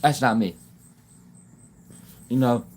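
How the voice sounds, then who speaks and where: A man chatting casually on a livestream from his phone, rambling in halting, broken-off phrases and laughing often. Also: medium pitch, darkish tone, husky. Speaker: YouTube livestreamer.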